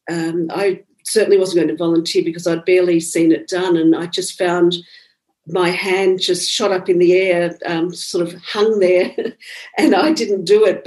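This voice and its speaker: A woman's voice: lowish voice, rough recording. Woman telling a story. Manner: animated, acts out quoted dialogue. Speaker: guest, psychic medium. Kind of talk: conversational storytelling.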